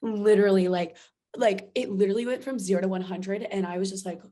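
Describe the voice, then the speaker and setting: A woman guest on a podcast, telling a personal story in animated casual chat, full of "like" fillers. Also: mid-range voice, fast talker.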